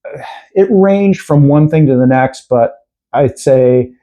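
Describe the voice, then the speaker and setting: A man's voice: medium pitch, slow, mellow, poor audio. A middle-aged man from Chicago with a Chicago accent, a podcast guest telling rambling childhood stories with many fillers. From Chicago area. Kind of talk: casual interview storytelling.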